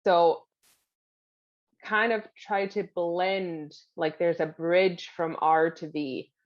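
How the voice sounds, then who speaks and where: A woman teaching Finnish pronunciation, patiently explaining and repeating each word slowly. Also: lowish voice, steady tone, muffled recording. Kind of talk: pronunciation lesson.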